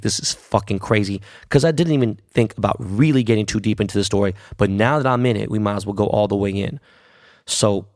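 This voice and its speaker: A man hosting a podcast, telling a story in a profane, animated, casual way. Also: fairly low pitch, gravelly, no echo, studio quality. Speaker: podcast host.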